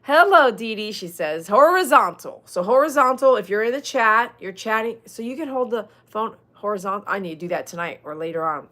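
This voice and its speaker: A woman's voice: medium pitch, expressive, brisk, few pauses, a bit bright. A middle-aged woman with a Texan accent, a dog groomer chatting casually with viewers on a livestream, joking and reading out the chat. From Texas. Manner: chatty, reads out chat, jokes and laughs.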